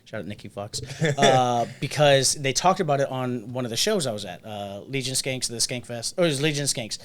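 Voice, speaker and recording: A man's voice: mid-range voice, fairly quick. A man co-hosting a podcast, telling a story in casual chat and acting out the people he quotes. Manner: animated, acts out quotes in other voices. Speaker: podcast co-host.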